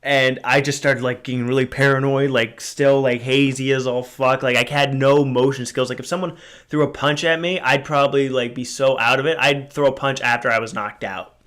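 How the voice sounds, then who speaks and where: A man's voice: mid-range voice, steady tone, normal speed, fairly bright tone. A man in his twenties hosting a podcast, telling a story in a casual, rambling way, with frequent swearing, fillers and restarts. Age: 20s. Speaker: podcast host.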